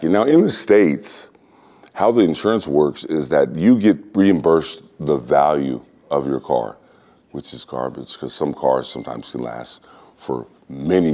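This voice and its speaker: Brief: a very low, mellow male voice, an interview guest who spins animated, playful anecdotes. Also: normal speed. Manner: animated storyteller, acts out voices and sounds.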